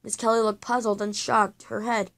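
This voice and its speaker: A woman's voice: a little high, little pitch movement, moderate pace, vocal fry, a bit bright. A woman reading a children's chapter book aloud, telling it with drama and sound effects.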